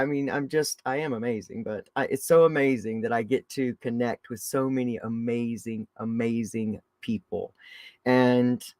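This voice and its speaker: A man hosting a live-stream recovery podcast, talking in an excitable, effusive way with big jumps in pitch and loudness. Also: no echo. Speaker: podcast host.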